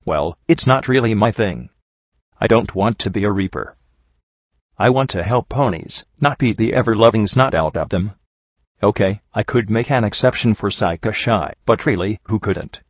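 A man reads her as an earnest young mare pony with a wry streak, in the reader's own low, even voice. It is close and dry, with a dull, lo-fi tone to the recording. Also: moderate pace, no room sound.

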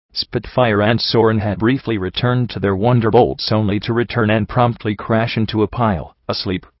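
A man reads a story aloud in a low, steady voice. He narrates and gives the characters only slight voices. The recording is dry and close, with a muffled top end. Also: dry recording. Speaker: narrator reading fan fiction.

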